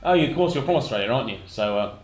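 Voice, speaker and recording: A man's voice: mid-range voice, expressive, rapid-fire, roomy sound, soft background music. A man co-hosting a gaming livestream, chatting casually and hesitantly while reading the chat aloud.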